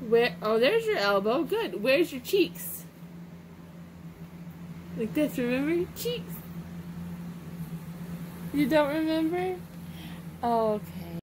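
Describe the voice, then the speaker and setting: A woman's voice: high voice, very animated, takes it slowly, pauses often, noisy background. A young woman in casual chat with her toddler, coaxing and praising her in sing-song baby talk. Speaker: mother filming her toddler. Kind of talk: casual home vlog.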